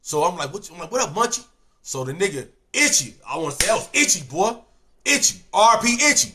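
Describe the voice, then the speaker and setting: A man with a Chicago accent spins a street story in loose, slangy talk. His voice sits high and swoops up and down with lots of energy, and he keeps checking in with the listener. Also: brisk, background noise. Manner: animated, slangy, repeats "you know what I'm saying".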